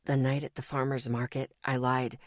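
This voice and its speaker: Woman doing a worn-out young man, hushed and breathy, lower voice, close and dry audiobook sound, weak and despairing. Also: flat delivery, normal speed, no room sound. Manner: breathy, faint, whispering and despairing. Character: weak, exhausted young man near death.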